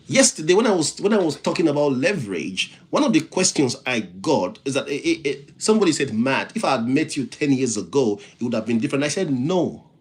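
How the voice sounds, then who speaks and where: A man's voice: mid-range voice, big pitch swings, a little fast, few pauses. A man with a non-native English accent hosting a motivational livestream, preaching in repeated phrases and thanking viewers by name. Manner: reads viewer comments and thanks them by name. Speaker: livestream host, motivational speaker.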